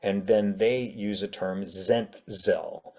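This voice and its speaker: Male author guest, lowish voice, animated and chatty, acts out reader reactions. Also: normal speed. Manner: chatty, with frequent fillers and laughs. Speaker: author being interviewed. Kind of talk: casual interview conversation.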